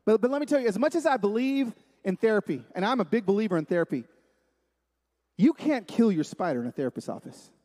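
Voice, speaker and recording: A man with a strikingly high voice preaches to a room full of listeners, telling stories emphatically and repeating his key points. His words ring out with a long hall reverb around them. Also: sing-song, fast, mellow. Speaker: speaker at a men's gathering. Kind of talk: sermon-style talk. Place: large room with a live audience.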